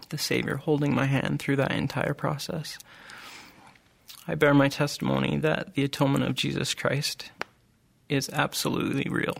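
A middle-aged man with a gravelly, creaky voice tells a personal testimony. He speaks earnestly and haltingly, often pausing and restarting his sentences. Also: a little high, fairly bright tone. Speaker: group member sharing testimony.

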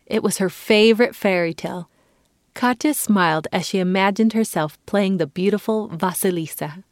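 A woman giving a calm, clear reading as the narrator of a children's story. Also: mid-range voice, normal speed, dry recording, studio quality.

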